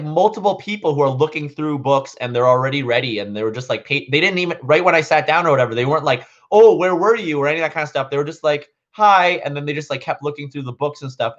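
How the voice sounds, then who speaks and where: A man's voice: a little high, a bit bright. A man vlogging, casually telling a long story to his viewers, rambling with lots of "like" and "um" fillers. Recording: dull lo-fi recording.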